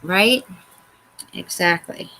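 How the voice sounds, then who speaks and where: A woman's voice: on the low side, drawn-out words, vocal fry, pushed and bright, poor audio. A woman hosting a crafts tutorial, chatting casually and talking to herself as she works, poking fun at her own mistakes. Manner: chatty, talks to herself while working, self-mocking. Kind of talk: casual how-to talk while working.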